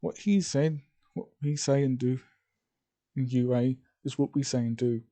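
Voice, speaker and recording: Man reading: firm, scolding young teacher; mellow, dark tone. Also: mid-range voice, fairly even intonation, a little slow, close to an everyday voice. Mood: stern. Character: young woman teacher, stern and protective.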